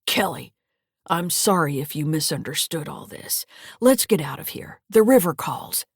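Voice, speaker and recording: A woman voicing a smooth-talking, menacing old grandfather who speaks low and slow. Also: expressive, dry recording, clean studio sound, heavily acted. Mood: dismissive.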